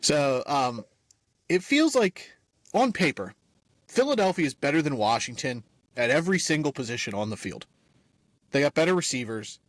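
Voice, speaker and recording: A man's voice: fairly high pitch, very animated, moderate pace, pauses often, dry recording. A young man co-hosting a casual sports podcast, talking in a rambling, laid-back way with lots of filler words. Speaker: podcast co-host.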